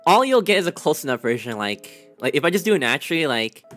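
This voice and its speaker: Male streamer, animated pitch, laughs at himself, faint music underneath. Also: fast. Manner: self-deprecating, laughing, rambling. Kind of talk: casual chat.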